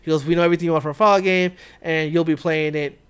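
A man's voice: a little high, fairly even intonation, racing, fairly bright tone, smooth. A man in casual podcast chat, talking through game reveals in a rambling way with many fillers.

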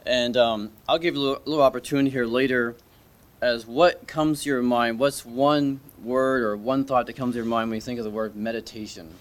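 A man delivers a sermon to a church congregation in an easy, conversational manner. He hesitates often, restarts his sentences and asks his listeners questions. His voice sits in a middle pitch. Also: steady tone, brisk. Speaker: preacher. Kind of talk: informal sermon with story. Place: church service.

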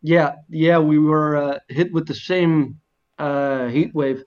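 A man chatting casually, pausing often with ums. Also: fairly high pitch, fairly even intonation. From Netherlands. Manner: halting, many ums and pauses. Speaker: guest on call. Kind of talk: casual chat. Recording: dull lo-fi call audio.

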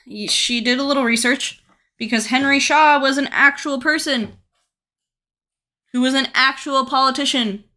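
A woman's voice: a little high, bright, forceful tone. A woman co-hosting a podcast, recapping a movie in a casual, wry, profane way. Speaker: podcast co-host.

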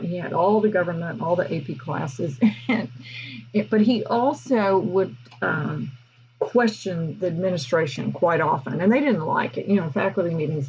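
A woman's voice: fairly low pitch, a little mellow, muffled recording, slight background noise. A woman teacher, telling stories casually on a podcast, with lots of fillers and an easy, chatty manner. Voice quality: husky, breathy. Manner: chatty, with frequent fillers and laughs.

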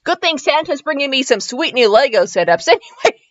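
Brief: high, very animated woman host, giggly rambler reading fanfic, dull lo-fi mic. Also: fairly quick, no room sound. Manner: giggly, rambling, self-mocking asides. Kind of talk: comedic commentary and story reading.

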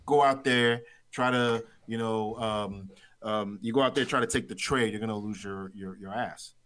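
A man's voice: on the low side, fairly even intonation, normal speed, a bit bright. A man being interviewed, telling a trading story in a rambling, casual way, repeating words and laughing easily. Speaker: trader guest.

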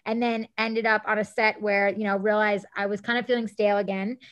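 A woman in her thirties, a guest on an interview show, telling stories in a lively casual way and acting out what people said. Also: medium pitch, brisk, highs cut off. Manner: animated, acts out quotes, says "like" often. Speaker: guest, celebrity stylist.

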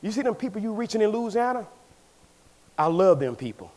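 A pastor preaching to his church in a high, animated voice. He swings from loud exclamations down to quiet, confiding asides, and his pitch leaps all over the place. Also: brisk. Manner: preaching with swings between shouts and hushed asides. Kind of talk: sermon.

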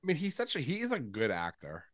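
A man's voice: mid-range voice, huge pitch swings, dry recording, clean studio sound. A man co-hosting a podcast, chiming in with jokes during casual banter. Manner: joking, quick interjections. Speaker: podcast co-host. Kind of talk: casual chat.

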